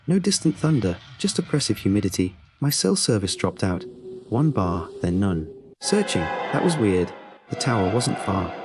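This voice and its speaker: Deep-voiced man telling a horror story. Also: a little hiss or hum. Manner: tense, suspenseful delivery. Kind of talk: scripted first-person horror narration.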